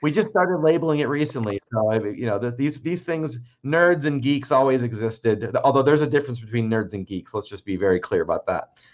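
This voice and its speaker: A man's voice: medium pitch, animated, a little fast, hardly any pauses. Man hosting, on muffled lo-fi audio. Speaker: host, interviewer. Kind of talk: casual interview over video call.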